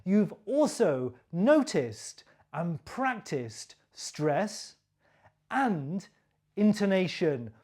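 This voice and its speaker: A woman teaching English pronunciation, modelling sounds and sentences slowly and clearly for learners to repeat, with encouraging praise. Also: fairly low pitch, sing-song, a little mellow. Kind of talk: slow, clearly articulated pronunciation lesson.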